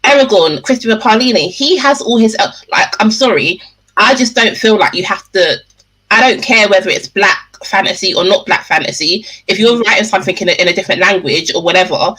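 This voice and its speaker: A woman's voice: medium pitch, brisk, fairly bright tone, breathy edge, poor audio. A woman guest in a casual book discussion, talking bluntly and with animation.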